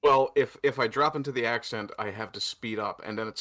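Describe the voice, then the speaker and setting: A man's voice: medium pitch, a little fast, a bit bright. A man from Newfoundland in a casual podcast chat, jokey and teasing.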